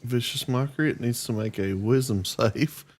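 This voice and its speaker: A man's voice: medium pitch, normal speed, a little mellow. A man narrating a tabletop game as game master, laid-back and joking.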